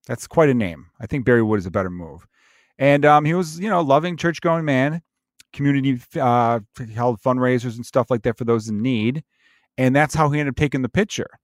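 A man's voice: medium pitch, animated, moderate pace, dry recording, clean studio sound. A man hosting his podcast solo, ranting crudely and comically, jumping into mocking voices when he quotes people. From Chicago area. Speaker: podcast host. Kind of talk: solo comedic rant. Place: home setup, remote recording.

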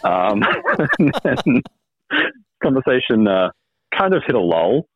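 A man's voice: medium pitch, very animated, takes it slowly, husky, dry recording. A man telling a dating story as a guest, wry and hesitant with many ums. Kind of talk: casual storytelling. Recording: tinny phone line.

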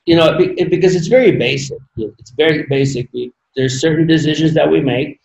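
A man's voice: fairly high pitch, brisk, vocal fry, a little mellow, dull audio, a little hiss or hum. A man speaking as an interview guest, earnest and rambling, with emphatic stresses. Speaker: podcast guest, former Olympic athlete. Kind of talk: casual conversational interview. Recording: roomy echo.

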